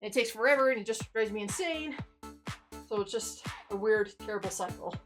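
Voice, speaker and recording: A woman's voice: medium pitch, fairly quick, soft background music. A woman streamer chatting casually after a workout, tired and out of breath, rambling and sighing often. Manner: rambling, self-deprecating, sighs often. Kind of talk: casual live-stream chat.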